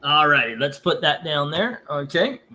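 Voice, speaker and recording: A man hosts a loose, chatty comic book auction, his voice sitting a bit on the high side. He rambles and swears between calling out lots and bids. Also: moderate pace. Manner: rambling, cursing, gets heated over politics then calms down. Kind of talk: casual live auction stream.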